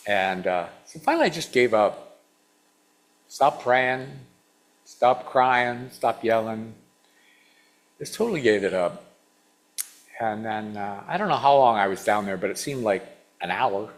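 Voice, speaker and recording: Speaking in a lowish, animated voice, this Washington State man in his sixties preaches unhurriedly with long pauses. As guest speaker, he tells stories to the congregation, quizzes the listeners, and plays his younger self.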